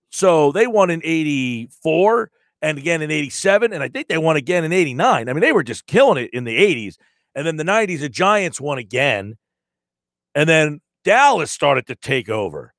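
A sports radio host in his forties talks in a loose, rambling way, circling back to read listener texts off the board. His voice sits a little high for a man and is recorded close and dry in the studio, with no room sound around it. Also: very animated, normal speed, dry recording. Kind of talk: casual sports talk.

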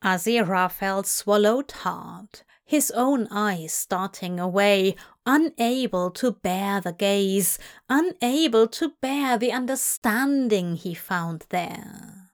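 A woman reading a story aloud in a soft, hushed voice that drifts into whispers. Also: medium pitch, lively intonation, takes it slowly. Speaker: audiobook reader. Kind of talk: narrating fan fiction aloud.

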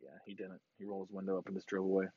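A man in a car, giving a crude, profane road-rage rant and yelling sarcastic insults at other drivers. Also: low voice, completely flat delivery, very fast, no echo. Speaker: vlogger ranting while driving. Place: inside a car in traffic. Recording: dull lo-fi sound.

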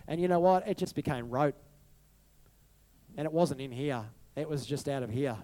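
A male pastor preaching to his congregation, moving from soft, hushed reflection to a rising, passionate appeal. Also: fairly high pitch, fairly even intonation, fairly quick. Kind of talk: sermon over worship music.

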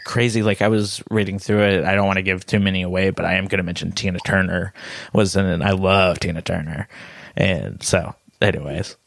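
Deep voiced podcast cohost, rambly casual chat, dry close sound. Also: fairly even intonation, fairly quick, gravelly, no room sound. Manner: rambling with fillers and restarts. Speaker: podcast co-host.

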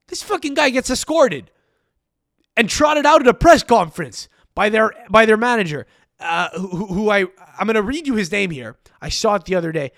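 A man's voice: a little high, a bit bright, no echo, studio quality. A young man hosting a solo podcast, ranting with frequent swearing and exasperated asides. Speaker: podcast host.

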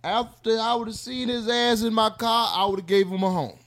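A man telling stories in an animated, profane way, hosting a casual podcast chat. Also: high-pitched, normal speed.

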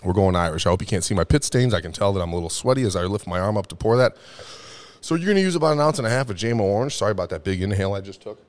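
Tipsy young male host, lowish voice with a lot of swing, profane and rambling. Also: lively intonation, very fast. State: tipsy from drinking. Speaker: podcast host. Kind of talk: casual comedic monologue.

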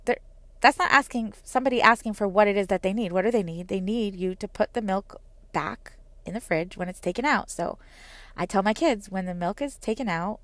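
A woman's voice: mid-range voice, no room sound. A woman in her thirties, a mother, talking earnestly and reflectively, with frequent "like" and restarts. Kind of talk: personal reflective talk.

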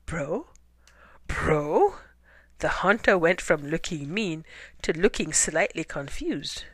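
A woman reading a children's picture book aloud in an expressive way, dropping into dramatic whispers. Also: low-pitched, measured pace, breathy edge, dry recording. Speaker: storyteller.

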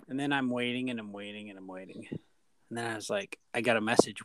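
A man's voice: medium pitch, normal speed, pauses often, no echo, poor audio. A man co-hosting a podcast, telling stories in a casual chat and acting out the quotes. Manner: animated storyteller, acts out quotes. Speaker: podcast co-host.

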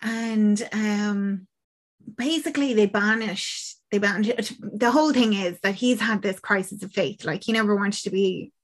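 Chatting on a podcast, a young woman walks through a movie's story and performs the characters' quotes, with casual swearing. She speaks a little slowly in a medium-pitched voice.

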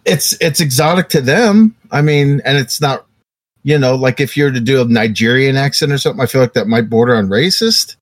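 A man's voice: medium pitch, a little fast, no room sound. A man co-hosting a podcast in casual chat, easygoing and jokey. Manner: easygoing, jokey, drops into mock accents. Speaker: podcast co-host.

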